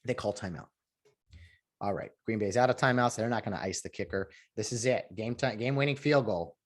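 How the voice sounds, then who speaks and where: A man giving casual sports commentary in an animated, ranting way, with many fillers and restarts. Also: lowish voice, fairly quick.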